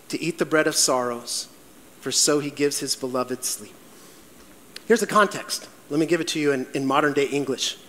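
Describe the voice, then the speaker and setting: A man preaching a sermon as pastor, telling stories with animated, acted-out voices. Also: on the high side, slight background noise. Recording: echoey hall with long reverb.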